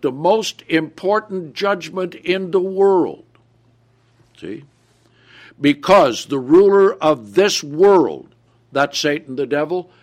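A man preaching a sermon, asking the audience questions and answering them himself with emphasis. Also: fairly high pitch.

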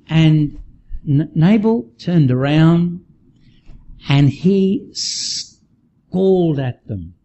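Animated man preaching in a lively voice. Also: on the high side, drawn-out words, pauses often, dull audio. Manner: conversational and animated, frequent restarts. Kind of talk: sermon.

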